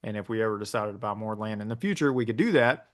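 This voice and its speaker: A man as an interview guest, telling a story in a relaxed way with plenty of ums and restarts. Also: lowish voice, quick pace. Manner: relaxed storytelling with many fillers. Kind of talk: casual interview conversation.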